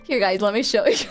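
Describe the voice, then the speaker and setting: A young woman from Colombia, chatting excitably on a livestream, laughing often and swearing freely. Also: on the high side. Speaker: streamer. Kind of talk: casual livestream chat.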